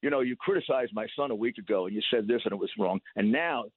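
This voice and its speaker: An older man, a guest in a casual interview, talking haltingly, repeating words and laughing through his stories. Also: on the low side, animated, slightly rough, dry recording. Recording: dry, thin phone-like line.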